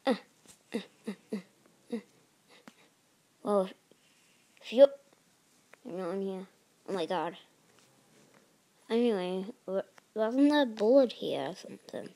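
Slow-talking playful woman gamer. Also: medium pitch, rough recording. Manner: playful, excitable, talks to other players. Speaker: gaming video host. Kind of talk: casual gameplay commentary.

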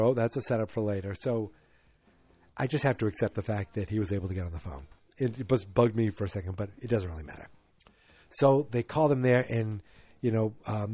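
A man hosting a podcast talks in a loose, rambling way, with many fillers and false starts. His voice is low and mellow with a husky grain. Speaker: podcast host. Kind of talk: casual chat.

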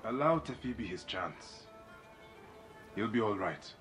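An actor playing a calm, reassuring man in a game, with loud music behind. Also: on the low side, measured pace.

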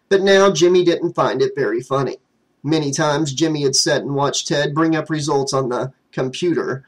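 Man narrating an audiobook, fairly high voice. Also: low-quality recording. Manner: steady storytelling reading.

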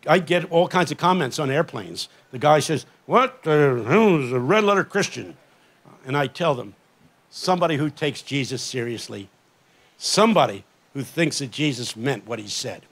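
An older man preaching a humorous, rhythmic sermon from a festival stage, imitating his congregation's shouts. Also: high-pitched. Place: outdoor festival main stage.

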